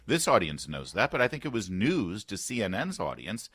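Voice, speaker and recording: A man in his fifties hosting a radio talk show, chatting in an animated, opinionated and sarcastic way, often restarting his sentences. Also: lowish voice, moderate pace, breathy edge, no room sound. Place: radio studio. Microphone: close studio microphone.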